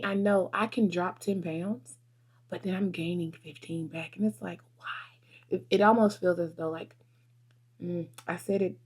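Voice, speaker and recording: A woman talks heart-to-heart with her viewers from her desk, earnest and encouraging. Her voice sits a little low with a husky edge. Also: warm tone. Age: 30s. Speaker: vlogger and photographer. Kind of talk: casual desk chat to camera.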